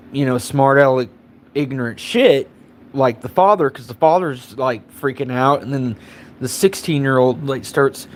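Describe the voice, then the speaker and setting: A man's voice: mid-range voice, slight background noise. A man on a live stream telling a story in a rambling, casual way, swearing freely and filling his sentences with "you know" and "like". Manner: rambling and profane, heavy on fillers.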